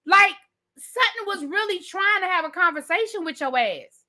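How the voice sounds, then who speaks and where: Woman TV reviewer, high bright voice, profane and repetitive live rant, calls viewers y'all and baby. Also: lively intonation, normal speed. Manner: heated, profane, repetitive ranting. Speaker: TV show reviewer.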